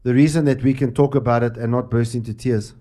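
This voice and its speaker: Earnest preaching man, mellow voice. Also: medium pitch, fairly even intonation, fast. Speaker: host. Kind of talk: casual Christian talk show, preaching.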